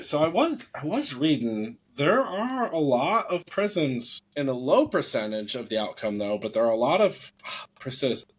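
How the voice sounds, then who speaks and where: A man co-hosting a casual podcast, meandering and often restarting and correcting himself, blunt and quick to swear when something annoys him. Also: medium pitch, low-quality recording. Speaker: podcast co-host.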